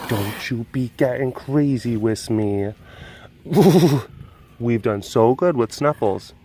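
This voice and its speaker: A man vlogging outdoors by animal enclosures, telling stories with a laugh and then talking softly to calm a big cat. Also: medium pitch, very slow, a little hiss or hum. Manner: rambling, laughing storyteller who shifts to hushed coaxing talk with a big cat. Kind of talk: casual vlog chat.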